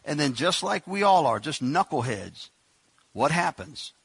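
A man's voice: fairly high pitch, very animated, unhurried, gravelly, breathy edge, no room sound. A man preaching a sermon in a conversational way, acting out the people in the story as he goes. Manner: conversational preaching, acts out biblical characters.

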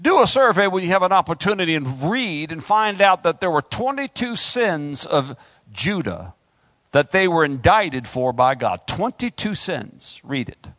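A man's voice: fairly high pitch, big pitch swings, moderate pace, a bit bright, no room sound. A man preaching a fervent sermon, calling out to the congregation and swinging his delivery up and down. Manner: fervent call-and-response preaching, rising and falling.

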